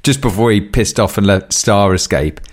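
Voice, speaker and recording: Casting: man, lively swinging pitch, wry banter co-host. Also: normal speed. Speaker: podcast co-host. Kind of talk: casual film review chat.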